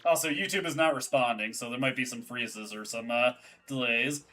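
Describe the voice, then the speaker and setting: A woman's voice: rumbling low, moderate pace, fairly bright tone. Chatty woman streaming a game. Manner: chatty, laughs, reads game text aloud. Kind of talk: casual let's-play commentary.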